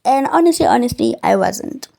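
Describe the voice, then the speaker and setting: A woman's voice: fairly high pitch, expressive, moderate pace, creaky, mellow. A young woman hosts her own podcast, talking casually and candidly from her bed while chewing gum. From South Africa. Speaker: podcast host. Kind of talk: casual reflective monologue. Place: lying on a bed at home.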